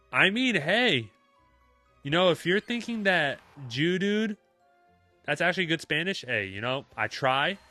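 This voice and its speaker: A young man chatting casually with his live-stream chat, relaxed and talkative, with many fillers. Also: on the high side, a little slow, dry recording, faint music behind.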